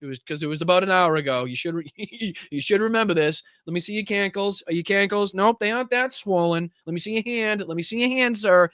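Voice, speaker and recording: A man's voice: sits high, quick pace, a bit bright, clean tone, no echo, clean studio sound. A man putting on a flustered woman leader. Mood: impatient. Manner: impatient, muttering, mock-polite. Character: flustered woman leader steering a clueless guest.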